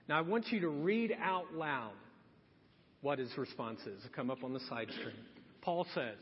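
A man preaching a sermon as pastor, telling the story with lively acted-out quotes. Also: fairly high pitch, normal speed, breathy edge. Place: church hall. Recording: dull, long hall reverb.

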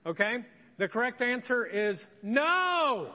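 High-voiced preaching man. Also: measured pace. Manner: animated storytelling. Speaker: pastor. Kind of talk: sermon. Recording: dull echoey church hall recording.

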